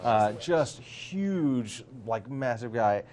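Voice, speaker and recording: A man narrating a tabletop game as game master, animated with many fillers. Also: medium pitch, drawn-out words, over a noisy crowd.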